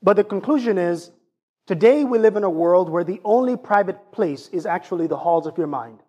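Guy preaching, kinda high voice, husky, chatty and animated with the congregation. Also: moderate pace. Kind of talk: sermon.

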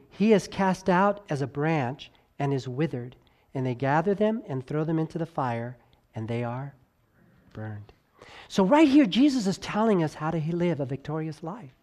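Dramatic preaching man with big swings. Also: animated. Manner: dramatic swings from loud highs to hushed lows; stretches key words slowly for emphasis. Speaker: pastor. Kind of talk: sermon.

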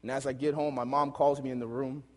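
A man preaching and telling a lively personal story, laughing often as he goes. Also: medium pitch, fast talker. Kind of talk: storytelling sermon. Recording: long hall reverb.

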